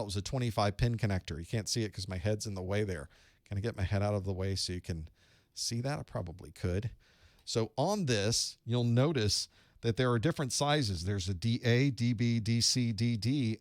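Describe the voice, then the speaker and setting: A man's voice: fairly low pitch, no room sound, clean studio sound. A man giving a live study-group lesson, explaining casually with fillers and asides to his chat. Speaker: online course instructor.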